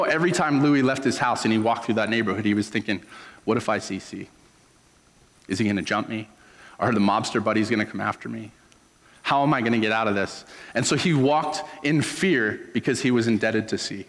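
A man's voice: fairly low pitch, a bit bright. Earnest male preacher with hall echo. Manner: conversational, earnest storytelling. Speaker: pastor. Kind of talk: sermon.

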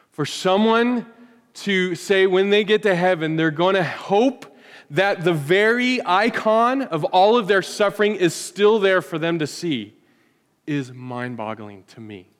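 Pastor delivering a sermon, emphatic and dynamic, slightly high-pitched man, church sanctuary with long reverb. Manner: emphatic, swings from loud rhetorical questions to hushed lines. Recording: hall reverb.

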